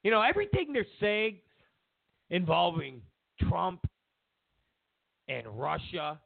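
Slow and high-voiced, with big pitch swings and vocal fry, this political talk show host delivers sarcastic, opinionated commentary, repeating his points for emphasis. He mocks media with exaggerated quotes. The sound is dry and tinny like a phone, without room sound.

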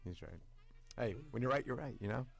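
A man's voice: medium pitch, lively intonation, fairly quick, vocal fry. A man with a mid-range voice co-hosting a live college radio talk show. He teases his partner and laughs often, keeping the studio banter loose and playful.

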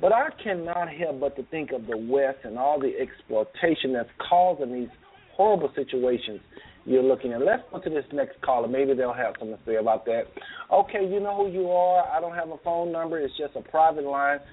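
A man hosting a call-in show, speaking fervently and preachily with many halting fillers. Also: medium pitch, animated, slightly rough. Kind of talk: casual call-in talk. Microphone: phone. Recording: tinny phone line.

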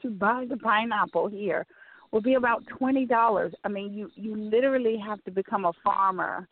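A woman's voice: mid-range voice, moderate pace, no echo. A woman co-hosting live talk radio, chatty and effusive, stretching out words for emphasis. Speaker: radio show co-host. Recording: phone-like call-in line.

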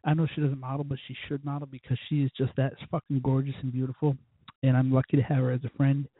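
Guy rambling drunk on his show, swears a ton, husky voice, tinny phone-ish dry sound. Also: mid-range voice, little pitch movement, fast talker, no echo. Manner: profane, rambling, loud bursts. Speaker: podcast host. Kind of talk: casual drunken storytelling.

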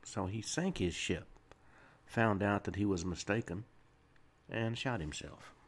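A man hosting his own radio talk show, rambling through history notes with many pauses and fillers, speaking from a studio. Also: on the low side, breathy edge. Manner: rambling, with frequent uh fillers and restarts. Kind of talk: solo radio talk monologue.

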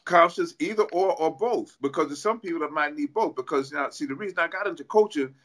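The man speaks with a New York accent in a slightly raised register. He lays out his points earnestly, one step at a time, often starting over mid-sentence. It is relaxed, conversational interview talk. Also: a little high, brisk. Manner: earnest, explains step by step with restarts. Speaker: guest, fitness coach.

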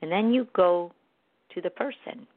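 A self-help speaker giving a reflective spoken monologue in an earnest, gently coaching manner. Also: mid-range voice, moderate pace, no room sound. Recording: tinny phone-like dry recording.

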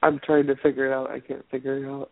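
A woman taking part in a guided session, speaking softly and hesitantly, full of pauses and restarts. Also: very deep voice, little pitch movement, creaky, noisy background. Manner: hesitant, soft, many fillers and restarts. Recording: tinny phone-line sound, dry.

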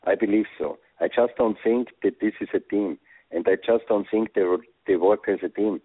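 Ex-coach guy on the phone, low husky voice, earnest, kinda broken english, phone-line sound. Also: no room sound. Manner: earnest, non-native English phrasing. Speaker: former soccer coach. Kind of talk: phone interview.

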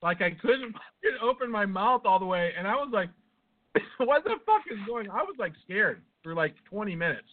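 A man's voice: sits high, animated, normal speed. A man co-hosting a podcast, telling rambling stories in casual chat and swearing freely. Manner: profane, rambling storyteller. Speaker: podcast co-host. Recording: tinny phone-like sound.

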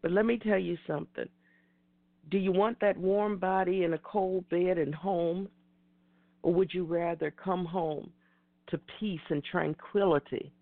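Speaking unhurriedly with a creaky, medium-pitched voice and fairly even intonation, this middle-aged online talk show host gives an earnest, emphatic pep talk, driving home key phrases preacher-style. The recording sounds dry, thin and phone-like.

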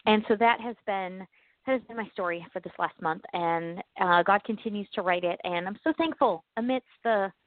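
A woman's voice: mid-range voice, normal speed, dry recording. Bubbly woman on a tinny phone line. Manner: bubbly, laughs often, rambling. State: stressed and exhausted. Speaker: co-host. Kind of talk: casual chat.

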